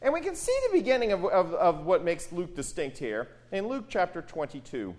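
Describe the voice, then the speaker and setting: A woman's voice: on the low side, big pitch swings, normal speed, a little mellow. A woman preaching a sermon on a gospel passage, speaking expressively with rhetorical questions and emphatic asides.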